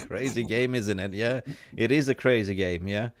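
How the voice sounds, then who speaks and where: A man with a mixed accent that has a hint of Australian, co-hosting a casual live-stream chat and bantering excitedly with viewers. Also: medium pitch, a little slow, no room sound, studio quality. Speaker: fan channel co-host.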